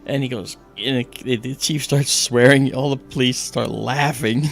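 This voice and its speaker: A man's voice: mid-range voice, fairly even intonation, unhurried, gravelly, faint music behind. A man hosting a livestream, telling a childhood story in casual chat and acting out the other people's voices as he goes. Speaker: livestream host.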